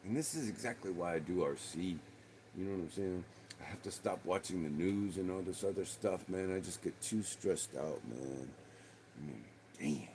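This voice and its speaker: A man's voice: low voice, normal speed, warm tone, slight background noise. A man with a Texan accent hosting a livestream, rambling casually and calling his viewers dude and man. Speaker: livestream host.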